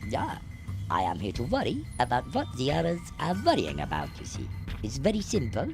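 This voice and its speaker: A fussy, neurotic little German man from an adventure game, as a woman voices him, talking in a thick mock German accent. His voice wobbles up and down in a sing-song, flustered way and has a gravelly edge. Game music plays faintly behind him. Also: rumbling low, wildly swooping pitch, fairly quick, exaggerated voice. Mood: fretful. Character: fussy neurotic little male German gnome-like Worry Meister.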